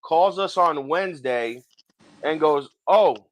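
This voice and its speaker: A man's voice: fairly high pitch, animated, slow pace, dry recording, rough recording. A male podcast co-host, chatty, cutting in to add details to a story. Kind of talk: casual podcast chat.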